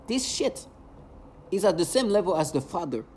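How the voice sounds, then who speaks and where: Angry, animated solo ranter. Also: mid-range voice, normal speed, a little hiss or hum. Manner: agitated, angry ranting with repeated insults; emotional. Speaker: vlogger. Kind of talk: emotional solo monologue.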